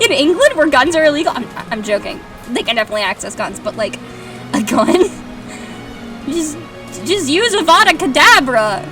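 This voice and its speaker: A woman's voice: high voice, very animated, moderate pace. A young woman reading a fan story aloud and mocking it with sarcastic, swearing asides. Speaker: host reading fanfiction aloud. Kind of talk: comedic dramatic reading with commentary. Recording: distant mic, music behind.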